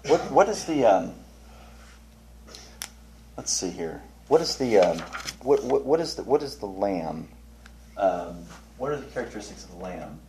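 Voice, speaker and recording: A man teaching a small Bible study group, chatty and animated, asking questions and telling funny stories. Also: lowish voice, unhurried, long pauses. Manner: tells funny anecdotes with restarts. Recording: roomy, distant mic, faint noise.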